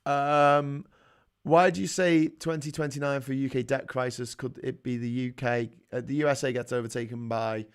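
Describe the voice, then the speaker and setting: Scouse bloke hosting a live chat stream, gravelly voice, blunt and sweary, reads out comments and rants back. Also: male voice, mid-range voice, steady tone, normal speed. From Liverpool, England. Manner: blunt and opinionated, swears, rants with rising heat. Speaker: host of a live call-in chat show.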